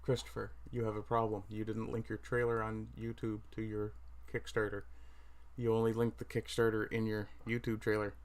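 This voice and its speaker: A middle-aged Newfoundland man hosts a relaxed livestream in a lowish voice. He rambles along, stops to fix his own words and tosses off chatty asides as he clicks through pages. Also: normal speed. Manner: rambling, self-correcting, chatty asides while browsing. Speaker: livestream host. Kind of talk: casual livestream chat.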